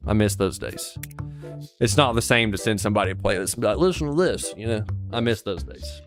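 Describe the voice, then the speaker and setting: A man's voice: on the low side, animated, fairly quick, soft background music. A man casually commenting on a shop game, joking and chatting with his customers. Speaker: gaming streamer.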